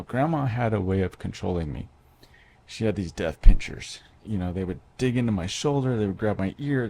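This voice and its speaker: A man's voice: lowish voice, dark tone, a little hiss or hum. A man in his thirties telling a personal story to an audience in a conversational way, with many fillers and restarts. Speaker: speaker.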